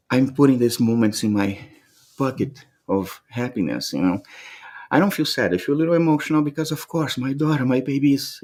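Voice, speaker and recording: A man's voice: mid-range voice, darkish tone. A man giving a heartfelt, reflective motivational monologue to the camera, speaking earnestly and often repeating words as he gathers his thoughts. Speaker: motivational vlogger.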